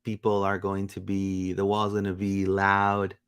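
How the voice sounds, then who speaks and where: A man co-hosting a live soccer fan show, making relaxed, drawn-out predictions in casual chat. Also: low-pitched, clear, resonant tone, no echo. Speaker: podcast co-host.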